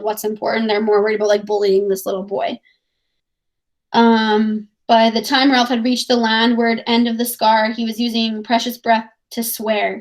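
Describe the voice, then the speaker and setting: Chatty, higher-voiced woman teacher. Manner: casual, chatty, many "like" fillers. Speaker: English teacher. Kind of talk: reading and explaining a novel to students.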